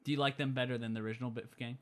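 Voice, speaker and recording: A man casually recapping a movie with a friend, animated and acting out lines in goofy voices. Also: medium pitch, very fast. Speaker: podcast co-host.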